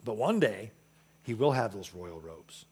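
A man preaching a sermon in an emphatic, repetitive way, moving between loud declarations and soft, quiet lines. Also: lowish voice, lively intonation, a little slow, husky. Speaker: pastor.

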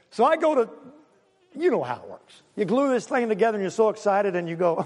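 A man preaches in a high, bright voice that leaps up and down with emphasis. He jokes with his congregation and hammers his points with repetition. The sound rings with the long reverb of a church hall. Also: brisk. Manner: lively, joking, emphatic preaching with audience asides. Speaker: pastor. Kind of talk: sermon. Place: church sanctuary.

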